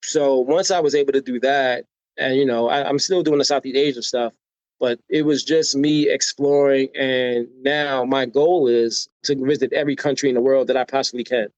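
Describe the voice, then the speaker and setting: At a moderate pace and medium pitch, an American man tells personal stories during a podcast interview, playing the parts of the people in them and often asking "right?" as he goes. There's no echo; the sound is dry and a bit dull, like a modest lo-fi recording.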